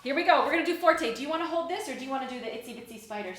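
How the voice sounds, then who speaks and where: A woman's voice: high voice, animated, very fast, fairly bright tone. A woman teaching a children's music class, singing nursery songs and cheerfully coaxing the kids to join in. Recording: echoey room.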